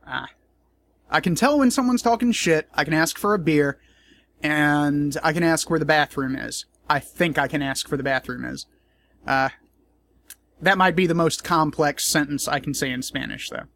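A man's voice: on the high side, moderate pace, creaky, a bit bright, a little hiss or hum. A man in a casual commentary vlog, talking in a rambling, profane, joking way. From United States.

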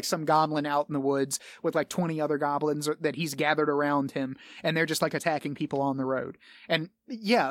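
A man's voice: on the high side, no echo, clean studio sound. A man hosting a podcast, talking casually and rambling, with frequent laughs and casual swearing. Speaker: podcast host.

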